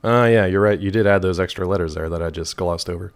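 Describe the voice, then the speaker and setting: Streamer, male, 30s, lowish voice, scratchy throat, loose and joking talk. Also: fast talker. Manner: rambling, wry, reacts to chat messages. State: rough throat. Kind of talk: casual live-stream chat with viewers.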